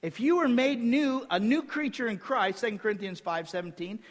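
A male pastor preaching a sermon, reading scripture aloud and acting out little dialogues in a lively, emphatic way. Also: high-pitched, moderate pace, few pauses. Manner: animated preaching, quotes scripture, acts out dialogue. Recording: reverberant hall.

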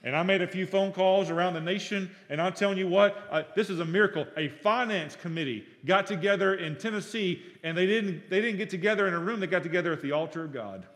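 A middle-aged male pastor preaching a sermon, telling stories and acting out dialogue, swinging between loud and hushed. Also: sits high, fast, hardly any pauses. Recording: long reverb of a hall.

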